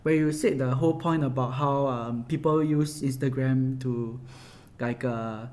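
A man's voice: medium pitch, a little slow. A young man co-hosting a casual podcast who tells stories with animation and agrees often. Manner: animated storyteller, lots of agreeing. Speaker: podcast co-host. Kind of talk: casual chat.

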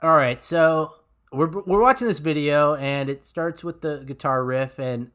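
A man's voice: on the high side, unhurried, a bit bright. Laughing man chatting about song lyrics. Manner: enthusiastic, laughs often, many ums and restarts. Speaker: podcast co-host. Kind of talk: casual podcast chat breaking down song lyrics.

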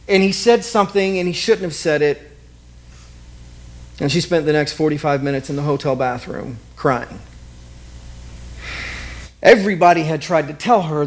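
A man's voice: a little high, measured pace, pauses often. A man preaching a sermon as vivid present-tense stories, repeating key lines. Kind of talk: dramatic storytelling sermon.

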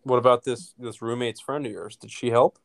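A man's voice: medium pitch, steady tone, brisk. Young guy podcast co-host, dry banter, storytelling. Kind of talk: casual podcast chat.

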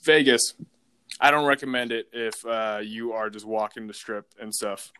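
Clear-voiced man telling a rambling story. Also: on the low side, normal speed, pushed and bright. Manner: rambling, lots of fillers and swearing. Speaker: podcast host telling stories. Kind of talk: casual chat.

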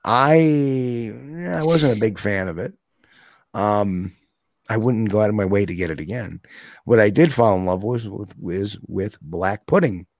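A chatty man co-hosting a relaxed talk show, his voice sitting on the low side. He laughs often and slips into quick, playful accent impressions. The sound is dry and close, with no room around it. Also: dry recording. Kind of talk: casual chat.

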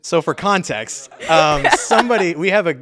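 A man's voice: on the high side, animated, moderate pace, fairly bright tone. A young man from the United States, a podcast guest, chatting casually and joking about himself. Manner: joking, self-deprecating. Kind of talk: casual interview chat.

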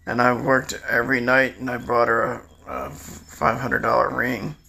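Older man, sixties, heavy gravel and rasp, tense edge, rambling confessional delivery. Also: mid-range voice, flat delivery, moderate pace, pushed and bright, slight background noise. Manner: rambling, confessional, restarts often. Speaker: storyteller recounting his life. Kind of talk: candid personal monologue.

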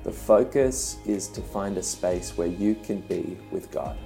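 A young youth pastor talks through a devotional teaching in a warm, mellow voice that sits a bit low. He speaks earnestly and leans on gentle pauses for emphasis. Faint music plays underneath him. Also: vocal fry.

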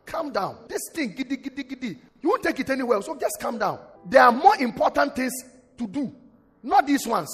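Male pastor, sermon, husky voice, long church reverb with faint music behind. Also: very high voice, brisk. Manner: animated preaching, quotes scripture, asks the congregation to respond.

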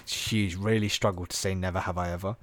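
A man telling travel stories on a podcast, animated and slangy, full of "bro" and "like". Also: deep voice, fairly quick. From England. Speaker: podcast host. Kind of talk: casual storytelling chat.

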